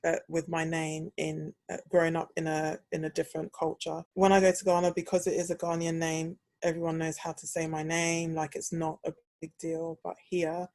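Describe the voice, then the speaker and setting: A woman's voice: low voice, completely flat delivery, moderate pace, few pauses, a little mellow, no echo. A young British woman hosting a podcast, telling a story in casual chat and acting out the quoted dialogue. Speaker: podcast host.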